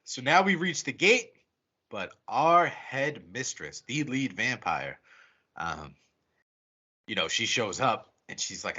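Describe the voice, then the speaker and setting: A man co-hosting a podcast, recapping a horror movie scene by scene in a casual, profane, animated way. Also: mid-range voice, a little slow, breathy edge. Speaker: podcast co-host. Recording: muffled lo-fi audio.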